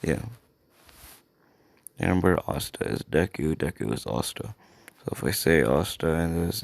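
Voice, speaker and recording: A man with a deep, gravelly voice and plenty of vocal fry tells a made-up fan story off the cuff. He rambles, loses his thread and swears, and he tags his sentences with "right?". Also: expressive, moderate pace, pauses often. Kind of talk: improvised fan story narration.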